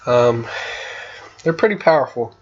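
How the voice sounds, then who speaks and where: Male YouTuber, mid-pitched, easygoing and chatty, hiccupy, somewhat muffled recording. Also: animated, unhurried, breathy edge. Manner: laid-back, chatty, with fillers and little laughs. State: has the hiccups. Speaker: gaming YouTuber. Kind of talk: casual commentary on competitive play.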